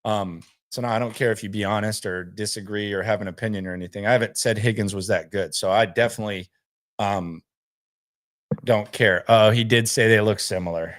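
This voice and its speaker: Speaking fairly quickly, a man with a fairly low, steady and somewhat bright voice hosts a casual sports stream. As a podcast host he's easygoing and rambling, frequently repeating words as he restarts.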